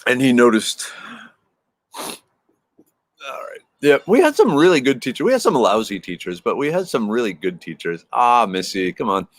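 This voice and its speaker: A man's voice: medium pitch, very animated, normal speed, no echo. A man in his fifties hosting a casual live stream, rambling and answering viewers' messages as they come in. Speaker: livestream host chatting with viewers.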